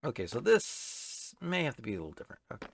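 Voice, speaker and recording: Rambling man with gravelly voice. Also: medium pitch, big pitch swings, quick pace. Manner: rambling, talks to game creatures. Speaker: game streamer. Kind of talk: casual gameplay commentary. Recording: loud background noise.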